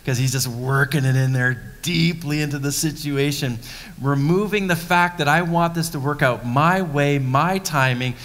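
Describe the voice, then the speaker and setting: A man's voice: fairly high pitch, normal speed, fairly bright tone. A male pastor preaching a sermon in a conversational, emphatic way. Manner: conversational, emphatic, acting out scenes. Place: church sanctuary. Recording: long reverb of a church hall.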